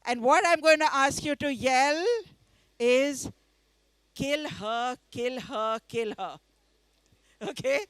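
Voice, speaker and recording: A woman from India, reading her story aloud in a festival tent, lively and coaxing the audience to join in. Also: high voice, slow pace, pauses often, clear, resonant tone, no room sound. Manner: lively, coaxes the audience to join in, laughs often.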